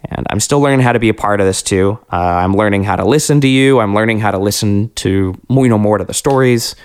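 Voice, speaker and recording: A man's voice: lowish voice, fairly quick, clear, resonant tone. A man hosting a podcast, chatting casually in a laid-back, upbeat way with casual slang. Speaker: podcast host. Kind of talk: casual outro chat.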